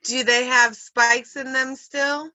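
High, bright woman chatting slowly. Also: little pitch movement, poor audio. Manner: reacts with laughs and quips. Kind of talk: casual chat.

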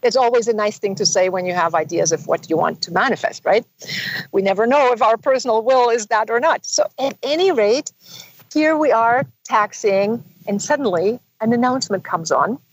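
A woman guest in an interview, telling a long personal story in an animated way and acting out the quoted dialogue. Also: a little high, moderate pace, slightly rough, low-quality recording. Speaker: guest author.

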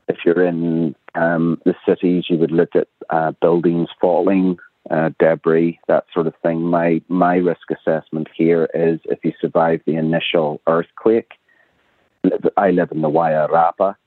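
A man's voice: deep voice, no room sound. A man with a Northern Irish accent, a radio guest explaining things in a matter-of-fact way. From Northern Ireland. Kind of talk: radio phone interview. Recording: tinny phone line.

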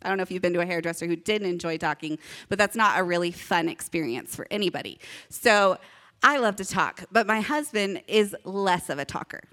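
A woman's voice: fairly low pitch, lively intonation, a little fast, sharp tone. A young woman pastor giving a chatty, upbeat children's sermon to a congregation and leading call-and-response.

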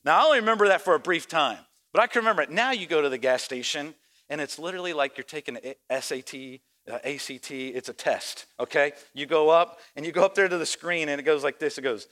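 A young adult man preaching a sermon as pastor, telling a story and acting out quoted lines in a lower, softer voice. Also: animated, fast.

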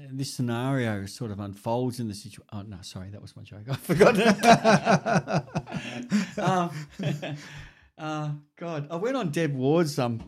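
Casting: middle-aged bloke, rambling, loose, swears a lot, easygoing podcast chatter. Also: male voice, mid-range voice, a little mellow. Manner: rambling, swearing, laughing storyteller. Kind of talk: casual chat.

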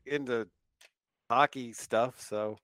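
A man's voice: medium pitch, steady tone, takes it slowly, a bit bright, no room sound. A man hosting a podcast in casual chat, joking and playful as he talks. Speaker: podcast host.

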